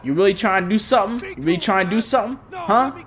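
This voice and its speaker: Excitable young man cursing through gameplay. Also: sits high, very fast, music in the background. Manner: excitable, heavy swearing and slang. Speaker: gameplay commentator. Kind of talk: casual let's-play commentary.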